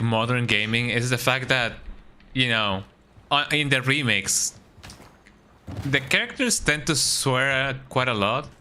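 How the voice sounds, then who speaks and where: A Spanish-speaking gaming streamer chats playfully and rambles while he plays, often tagging "eh?" onto his lines and breaking into silly sing-song bits. His mid-range voice is pushed and bright.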